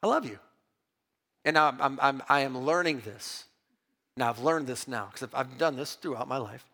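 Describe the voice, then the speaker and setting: A man preaching a sermon as pastor, emphatic and lively, mixing Bible reading with personal stories told with restarts. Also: mid-range voice, moderate pace. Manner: repeats words and restarts when telling stories.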